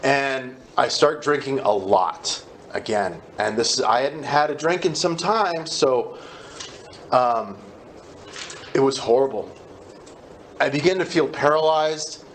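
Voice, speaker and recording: A man's voice: medium pitch, slow, long pauses, a little hiss or hum. A man speaking at a recovery meeting, telling his own story candidly and with self-deprecating humor, acting out what people said.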